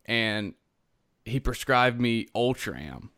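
A man's voice: medium pitch, expressive, takes it slowly, fairly bright tone, no room sound, studio quality. A male podcast host telling a long personal story in casual chat, self-mocking and laughing as he goes.

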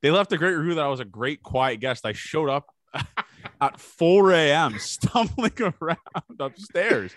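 On the podcast, this co-host swears his way through rambling party stories, acting out people's lines. His voice runs on the high side with a slightly bright tone, lively intonation, and a moderate pace, recorded dry.

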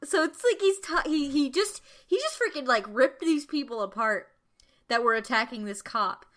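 A woman co-hosting a podcast, telling stories in an expressive, giggly way during a casual movie review. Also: sits high, moderate pace. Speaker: podcast co-host.

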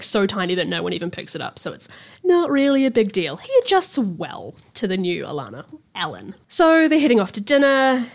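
A young woman hosting a casual book podcast, retelling the story in her own loose, chatty words. She swears freely and drops into quick voices for the characters as she goes. Her voice sits at an ordinary middle pitch. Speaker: podcast host.

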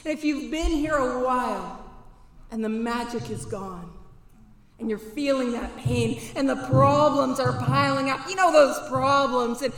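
A woman with a high voice gives a candid, earnest personal testimony to a banquet crowd. She talks to the room directly, now and then breaking into loud whoops. Her voice rings through a large, echoing hall with a long reverb tail. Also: unhurried. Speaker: recovery speaker at a banquet.

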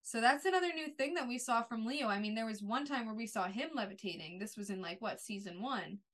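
A woman co-hosting a podcast, chatting casually about a TV episode in a relaxed, agreeable way with lots of fillers. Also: on the high side, brisk. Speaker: podcast co-host. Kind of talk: casual TV recap chat.

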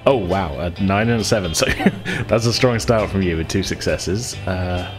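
A man narrating a tabletop game as game master, laid-back and chatty with lots of fillers and chuckles. His voice sits fairly low, with soft music faint underneath. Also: normal speed. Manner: casual, chuckling, filler-heavy.

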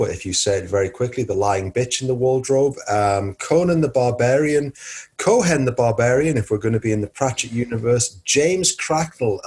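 A middle-aged man with a husky voice co-hosting a comic podcast, full of sardonic wordplay and theatrical asides. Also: lowish voice, a little mellow. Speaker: podcast co-host.

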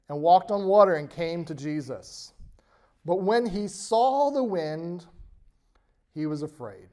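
Slow, emphatic male preacher. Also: fairly high pitch, lively intonation. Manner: slow, emphatic preaching with soft trailing endings. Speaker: pastor. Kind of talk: sermon with scripture reading.

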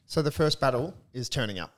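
A young adult male priest in casual faith discussion, earnest and animated, telling stories with a touch of humor. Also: medium pitch, a little fast. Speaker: Catholic priest, co-host.

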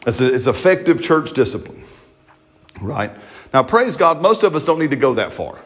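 A man's voice: mid-range voice, very animated, normal speed, fairly bright tone. A man preaching a sermon to a congregation in church, in a conversational storytelling way, often checking in with "right?" and laughing through his funny stories. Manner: laughs while telling funny anecdotes. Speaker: pastor. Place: church service before a congregation.

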